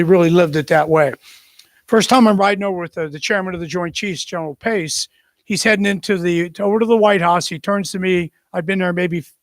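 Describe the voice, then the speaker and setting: A retired military officer, an older man with a higher-pitched voice, tells anecdotes in an animated way, acting out the people in his stories. The recording is dry.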